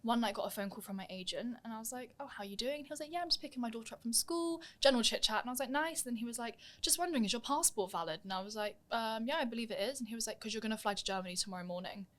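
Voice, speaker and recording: A woman's voice: fairly high pitch, very fast, hardly any pauses, a bit bright. A young woman telling stories in a casual interview, acting out the voices of people she quotes. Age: young adult. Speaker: guest, musical theatre performer.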